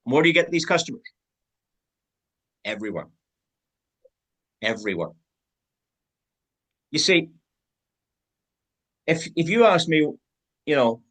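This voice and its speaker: A man's voice: medium pitch, expressive, moderate pace, long pauses, sharp tone, rough recording. A man giving a team sales training talk, acting out both sides of example conversations.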